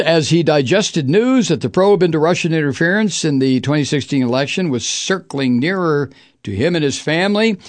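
The host of a political commentary show, a man with a somewhat high voice, delivers a profane monologue, reading news aloud and sarcastically mocking it with sudden jeering outbursts. There is no room sound.

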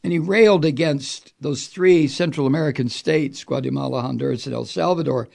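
A man's voice: medium pitch, fairly quick, vocal fry, few pauses, darkish tone. A man hosting political commentary, angry and sarcastic, swearing freely as he reads and mocks the news. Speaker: host. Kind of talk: political commentary talk show.

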